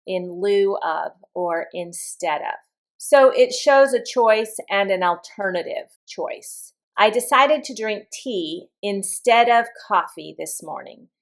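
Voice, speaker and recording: A woman teaching an English vocabulary lesson, explaining slowly and carefully with example sentences. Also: mid-range voice, lively intonation.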